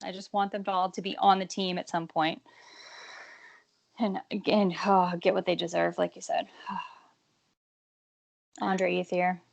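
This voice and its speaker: Brief: chatty female podcast guest, gravelly voice, dry close mic. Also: on the low side, flat delivery, slow, long pauses, no room sound, dull audio. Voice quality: rambling, filler-heavy, emotional. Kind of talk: casual sports chat.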